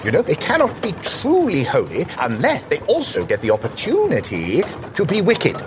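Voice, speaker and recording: A prim, earnest angel who lectures with a swooping, lively pitch and slightly high voice. The TV clip sits over loud outdoor ambience with horses nearby. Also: male voice, moderate pace, background noise. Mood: earnest, lecturing. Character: fussy, earnest male angel.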